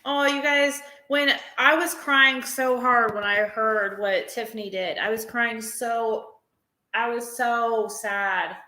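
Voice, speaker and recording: A woman rambles through a casual live-stream chat, emotional and quick to laugh. Her voice is bright and sharp, and she takes her time. The room gives it a roomy echo. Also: fairly high pitch, steady tone. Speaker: livestreamer.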